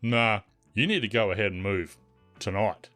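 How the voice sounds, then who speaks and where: A man's voice: on the low side, moderate pace, sharp tone, no room sound, faint music behind. A man doing a curt no-nonsense park ranger. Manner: curt, matter-of-fact.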